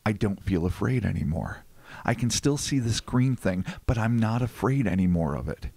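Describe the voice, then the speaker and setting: A man's voice: on the low side, expressive, normal speed, gravelly, a little mellow, breathy edge, dry recording. A man hosting a podcast, reading case narration and riffing in a casual, profane, joking way. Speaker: podcast host.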